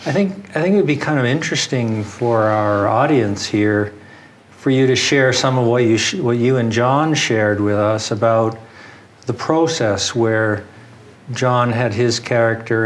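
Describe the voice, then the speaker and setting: A man's voice: fairly low pitch, steady tone, unhurried, a little hiss or hum. A man hosting a conversation, asking long, rambling questions with hesitant restarts. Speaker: interviewer, lawyer. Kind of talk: hosted conversation.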